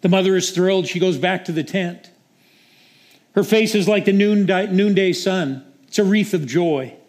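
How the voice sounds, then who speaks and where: A man's voice: high-pitched, normal speed, darkish tone. A male preacher delivering a sermon with dramatic storytelling.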